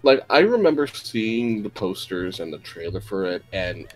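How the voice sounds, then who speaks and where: A man chatting casually on a game stream, animated and swearing, acting out quoted lines. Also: fairly low pitch, normal speed, faint music behind. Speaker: stream co-player. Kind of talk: casual group chat over a game stream.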